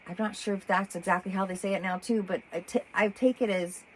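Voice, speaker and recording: A woman telling a personal story in a rambling, animated way, often breaking off and restarting. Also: mid-range voice, quick pace, a little hiss or hum, poor audio. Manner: rambling, animated, self-interrupting with laughs. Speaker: vlogger.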